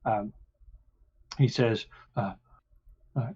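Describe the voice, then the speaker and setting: A man running a tabletop game as game master, narrating in halting, filler-laden speech. His voice is mid-pitched. The audio is slightly muffled. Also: darkish tone.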